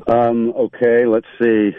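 A man's voice: medium pitch, completely flat delivery, slow pace, clean tone, no room sound. A man, a voice actor guest, chatting casually and a bit hesitantly in an interview over a tinny phone line. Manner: easygoing, hesitant, lots of ums.

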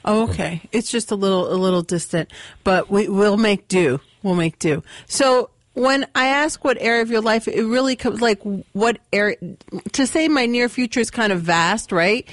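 A woman giving psychic readings to callers on a radio show, brisk and upbeat. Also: medium pitch, no echo. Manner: brisk, upbeat, laughs often. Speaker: psychic reader. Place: radio studio.

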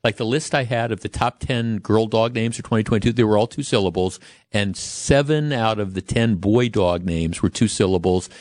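A man's voice: lowish voice, moderate pace, darkish tone, dry recording, studio quality. Chatty middle-aged radio host man. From Wisconsin. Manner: chatty, rambling with many restarts. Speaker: radio talk show host. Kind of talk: casual radio talk. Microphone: studio microphone.

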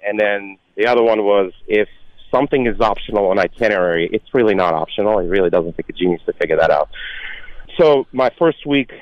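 A man from Russia, a former player, telling a lively story as a guest on a sports radio podcast. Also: lowish voice, fairly quick, no echo. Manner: animated anecdote with acted quotes. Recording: dry, dull lo-fi call audio.

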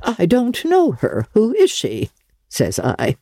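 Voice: mid-range voice, wildly swooping pitch, slow, mellow, husky, no echo, voice pushed up, exaggerated voice. A reader voicing a shrewd, domineering old grandmother in an audiobook. The voice rises above the narration and sounds coaxing and archly theatrical. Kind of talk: audiobook character voice.

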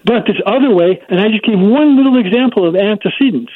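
A man's voice: high-pitched, expressive, quick pace, slightly rough, no room sound. A man speaking as a child psychology expert guest, explaining his points emphatically in an interview. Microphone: phone. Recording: dry tinny phone line.

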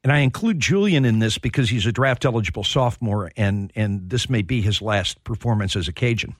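A man hosting a sports radio show, telling stories in a heartfelt, halting way. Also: fairly low pitch, no echo, clean studio sound. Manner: storytelling, emotional, repeats words when starting. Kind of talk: casual sports talk.

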